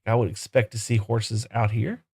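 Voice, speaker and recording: A man's voice: lowish voice, level tone, normal speed, a little mellow, husky. A man live-streaming a game, chatting casually with viewers and coaxing his in-game horses in playful broken talk.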